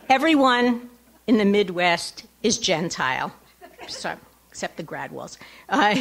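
A middle-aged woman author reads her personal essay aloud before an audience in a lecture hall, her tone wry, breaking off for asides to the listeners. Her voice is on the low side with a fairly bright tone.

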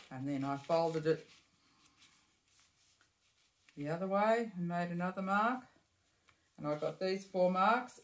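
A woman with a slightly low voice walks through a bag-sewing step in a casual, chatty way, often breaking off to correct herself or add an aside. Her voice carries an echo from the room she is in. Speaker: bag-making tutor. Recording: echoey room.

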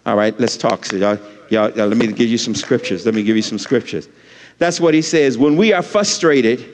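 A man preaching a sermon as pastor, with lots of repetition and call-and-response lines for the congregation. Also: medium pitch. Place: church sanctuary. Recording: long church hall reverb.

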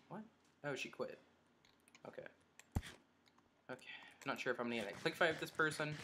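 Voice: mid-range voice, a bit bright, a little hiss or hum. A gaming commentator talking through live gameplay, chatty and muttering reactions to the game. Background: keyboard and mouse clicks.

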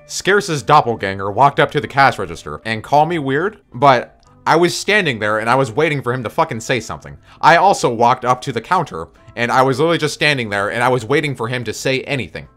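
Fast, profane male storyteller. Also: medium pitch, expressive, a bit bright, soft background music. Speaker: video creator. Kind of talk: story-time vlog.

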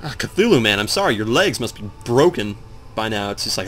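Groggy guy doing let's play commentary, rambly and sweary, bright voice bouncing up and down, game music faint behind. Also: medium pitch, fast. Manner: rambling, excitable, swears a lot, talks to the viewers. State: groggy, just woke up. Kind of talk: casual gameplay commentary.

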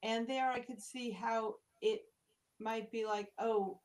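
A woman's voice: on the high side, fairly even intonation, slow, a little mellow. A woman co-hosting a podcast, speaking in an upbeat way and thinking aloud as she talks. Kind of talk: casual interview chat.

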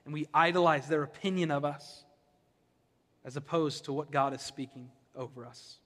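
A young adult male pastor from Ohio, USA delivers a sermon that's conversational and impassioned, drifting into funny stories from his own life. His voice is a little high for a man, fairly bright, and at normal speed, with the long reverb of a church sanctuary around it.

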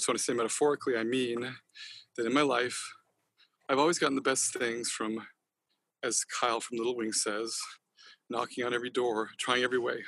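A man speaks quickly and with passion, rambling as a podcast guest. His voice has a husky edge. His swearing comes easily, in a loose and casual way. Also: mid-range voice, fairly bright tone, dry recording. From Northern California. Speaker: podcast guest, company founder. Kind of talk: casual interview chat.

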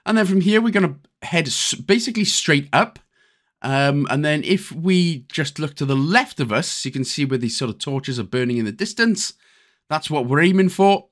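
A man's voice: medium pitch, animated, moderate pace, fairly bright tone. A man with a Welsh accent giving a casual, jokey step-by-step game walkthrough as a channel host. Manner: chatty, jokey, step-by-step instructions.

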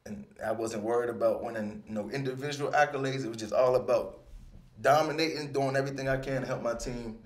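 A man in his thirties talks through his career in an easygoing, rambling way, with his voice at an ordinary middle pitch. Now and then he breaks into lively, animated bursts as he tells his stories. The recording has a noticeable roomy echo. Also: fairly quick. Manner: relaxed, rambling, with animated bursts when quoting himself. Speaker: retired football player, interview guest. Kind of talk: casual storytelling interview.

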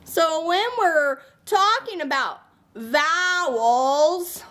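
A woman's voice: very high-pitched, animated, a bit bright, exaggerated voice. Woman voicing a sing-song playful dinosaur. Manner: sing-song, stretches vowels, drawn-out words. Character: playful young dinosaur who sings and roars. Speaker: children's puppet show host. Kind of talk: children's sing-along lesson.

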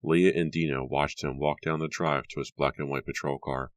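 A man narrating a horror audiobook in a steady, measured reading. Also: extremely low pitch, dry recording.

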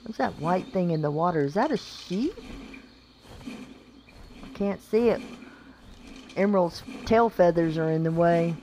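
Chatty excitable woman playing a game. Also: on the low side, a little slow, long pauses, slight background noise. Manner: chatty and excitable, talks to the game creatures, laughs often. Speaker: gaming channel host. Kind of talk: casual gameplay commentary.

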